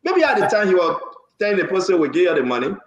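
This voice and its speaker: A man argues hard on a political talk show. His voice sits high and swings widely, pressing his point again and again. The sound carries an echo from the room. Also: big pitch swings, fast, lo-fi sound. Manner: impassioned, talks over others, repeats for emphasis. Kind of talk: heated political call-in talk.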